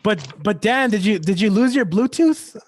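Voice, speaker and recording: A man's voice: sits high, lively intonation, moderate pace. A man hosting a livestreamed open mic from home over a computer mic, performing rhythmic spoken word poetry full of wordplay and then teasing a guest in casual talk. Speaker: open mic host and poet.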